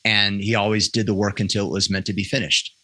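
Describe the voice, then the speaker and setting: A man in his thirties speaks as a podcast guest, candid and earnest, circling back and restarting his sentences as he tells a personal story. His voice sits a little low but has a bright, forward edge. The sound is close and dry, with no room around it. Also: flat delivery, fast talker, dry recording. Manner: earnest, self-correcting storyteller with frequent restarts. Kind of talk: candid conversational interview.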